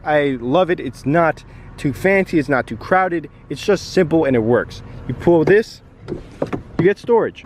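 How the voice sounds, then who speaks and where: A man's voice: on the high side, slight background noise. A young man giving a chatty, joking walkaround review of his pickup truck, talking to the camera from inside and around it. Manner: chatty and joking, lively ups and downs.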